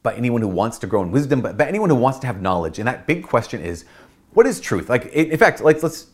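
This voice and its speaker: A man's voice: medium pitch, big pitch swings, fast. A man, a priest hosting his channel, explaining an idea in a casual teaching talk, repeating key points and acting out quotes in playful voices.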